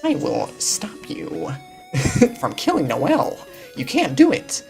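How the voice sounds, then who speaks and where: Streamer doing a gruff, smug bird student. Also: mid-range voice, huge pitch swings, slow pace, a little mellow, soft background music, exaggerated voice. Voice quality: gruff, gravelly, raised a bit. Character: haughty nerdy bird-like male student.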